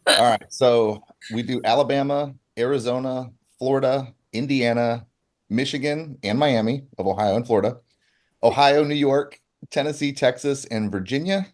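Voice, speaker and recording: A man co-hosting a telehealth livestream, reading viewer questions and answering in a relaxed, reassuring, matter-of-fact way. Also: medium pitch, moderate pace. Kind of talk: casual livestream chat.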